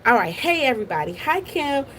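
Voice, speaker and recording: A woman's voice: sits high, big pitch swings, brisk, a bit bright, slight background noise. A woman hosting a casual live stream from her office at work, chatty and gossipy, greeting viewers by name.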